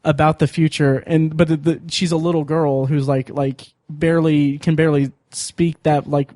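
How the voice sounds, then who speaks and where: A man with a slightly high voice hosts a podcast, rambling eagerly with lots of ums and self-corrections. The sound is close and dry, with no room in it. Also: normal speed, no echo. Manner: rambling, excitable, many fillers and restarts. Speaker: podcast host. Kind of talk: casual chat.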